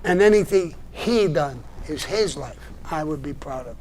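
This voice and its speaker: An older man holds forth on a live stream, cursing freely and pushing back hard at a critic. His voice sits somewhat high for a man, and his delivery is blunt and combative, broken by short gruff laughs. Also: lively intonation, normal speed, a little mellow. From New York. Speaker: live show host answering viewer messages. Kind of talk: blunt livestream monologue.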